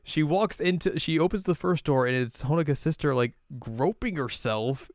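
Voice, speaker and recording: A man co-hosting a casual chat, retelling an anime episode in a rambling, animated way. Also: a little high, moderate pace, no room sound, studio quality. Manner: rambling, animated storytelling with laughs. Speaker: co-host.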